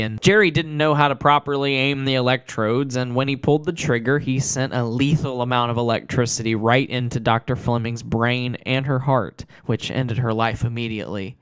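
A man telling a short story he wrote, in plain steady narration, then chatting loosely about it with fillers. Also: medium pitch, clear, resonant tone, dry recording, studio quality. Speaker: storyteller and author. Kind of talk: reading a dark short story, then casual chat.

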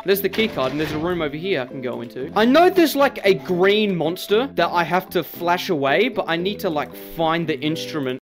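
A man's voice: fairly high pitch, animated, fairly quick, few pauses, over music. A young man, giving crude, rambling, jokey commentary while playing a horror game. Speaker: gaming YouTuber.

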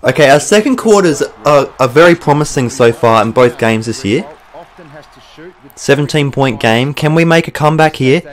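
This clip is let's play commentary from a gaming YouTuber, a young Australian man talking through the football video game he's playing. His voice sits in the mid range at normal speed, and he swears, gets excitable and breaks into bursts of frustration as he gets worked up.

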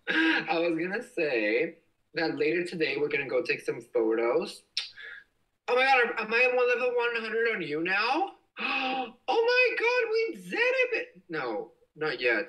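A young man hosting a casual livestream, reading viewer comments aloud with excitable, giggly exclamations. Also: mid-range voice, recorded from a distance, low-quality recording. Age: young adult. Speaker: livestream host. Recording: voice slightly off-mic.

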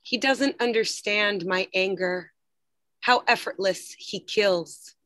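A woman reads her poems aloud in a slow, quiet, deliberate voice of middle pitch. She speaks over a video call, and the sound is close and dry, with no room around it. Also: dry recording. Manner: slow, measured, quiet reading. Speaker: poet reading her own work. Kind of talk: poetry reading.

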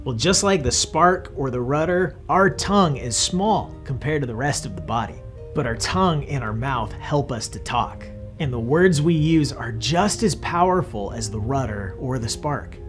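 A man's voice: mid-range voice, lively intonation, normal speed, soft background music. A man hosting a children's church show, giving a Bible lesson in a friendly, patient teaching tone. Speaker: kids' ministry host.

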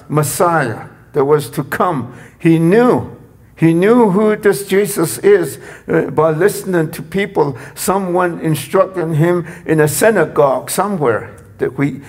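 A man preaching a sermon, repeating phrases and rising to loud cries when he quotes. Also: a little high. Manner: repetitive, rising to shouts when quoting.

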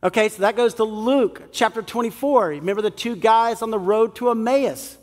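A man's voice: high voice, moderate pace, long reverb tail. A man preaching a sermon as pastor, acting out the people in the story as he talks. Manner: animated, acts out the people in the story. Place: church hall.

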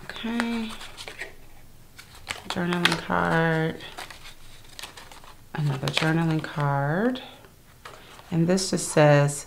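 A woman's voice: deep voice, vocal fry, poor audio. A woman chatting casually as she unboxes planner supplies and murmurs to herself while handling each item.

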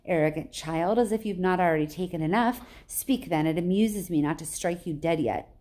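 Imperious male underworld god, scornful and grumbling, fairly low voice, read by a woman. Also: normal speed, dark tone, natural voice.

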